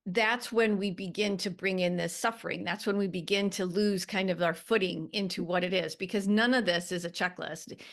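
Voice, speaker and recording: A woman co-host coaching her partner, calm and reassuring, with plenty of fillers. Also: mid-range voice. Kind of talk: gentle coaching talk.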